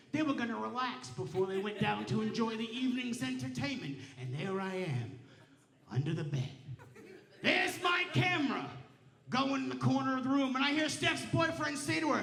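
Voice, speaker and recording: A man's voice: very high voice, creaky, a bit bright. A man doing a stand-up comedy set on a casino stage, telling stories in a brash, profane, punchy way. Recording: roomy casino showroom sound.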